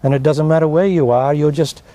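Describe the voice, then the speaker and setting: Brisk and steady, with a voice on the high side but dark in tone, an Australian man gives interview answers as a spiritual teacher. He is emphatic and blunt and dismisses objections.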